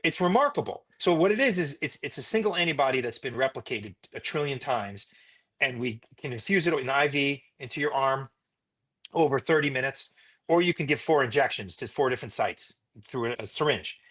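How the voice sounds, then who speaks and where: A man, a physician, telling stories in a conversational interview in an emphatic, animated way. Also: medium pitch, brisk. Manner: emphatic, animated retelling with repetition.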